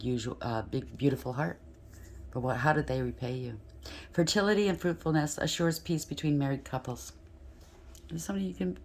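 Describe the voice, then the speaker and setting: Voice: mid-range voice, darkish tone. A tarot reader giving a casual spoken reading, talking straight to the listener, checking in with "right?" and "okay?", and now and then tripping over words and starting again. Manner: addresses the listener directly with frequent rhetorical checks; stumbles and restarts while talking.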